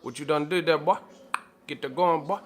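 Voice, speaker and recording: A man's voice: a little high, normal speed, voice pushed up, natural voice. A man doing a scolding Southern manager lady. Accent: New Orleans. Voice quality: raspy hood drawl. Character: tough Southern woman restaurant manager, scolding.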